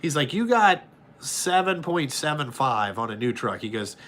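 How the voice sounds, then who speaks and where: A man's voice: mid-range voice, moderate pace, a little hiss or hum. A man, a truck driver chatting casually and bluntly with his viewers, swearing often and reenacting his calls. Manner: profane, blunt and animated. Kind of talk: casual chat answering viewers.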